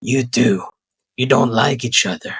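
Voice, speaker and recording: A man's voice: medium pitch, a little slow, vocal fry, a bit bright, breathy edge, exaggerated voice. A man voicing a scheming, jolly old grandfather who gives orders, in a dubbed drama. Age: older. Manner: chuckling, bossy. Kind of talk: fan drama dubbing.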